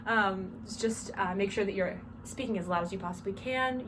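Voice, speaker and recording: This young adult woman has a lowish voice and talks quickly with few pauses, her Southern accent marking her as from South Georgia. Chatty and full of "um" fillers, she casually explains drum major commands, demonstrating them aloud. She's recording in a small dorm room where background noise comes through clearly.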